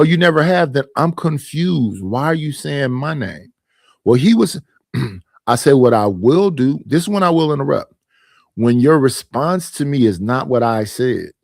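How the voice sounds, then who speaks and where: A man's voice: medium pitch, vocal fry, dry recording, clean studio sound. A man hosting his own stream, arguing his points emphatically and repeating them in a casual monologue. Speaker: streamer and panel host.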